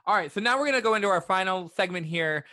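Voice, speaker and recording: Chatty male podcast host with a higher, bright voice and a dry close sound; casual, full of restarts. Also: lively intonation, fast, dry recording. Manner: chatty, stammering restarts, laughs often. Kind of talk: casual interview chat.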